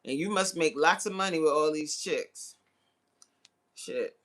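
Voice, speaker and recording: A woman in her forties hosting a casual livestream and chatting with viewers. She is slangy and laughs often, with sudden jumps into high exclamations. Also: a little slow, fairly bright tone. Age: 40s. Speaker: livestream host. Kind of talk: casual live chat reading viewer comments.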